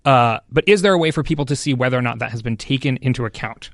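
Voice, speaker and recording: A male podcast host reading out listener questions in a casual chat, brisk and keeping things moving. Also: mid-range voice, no echo, clean studio sound.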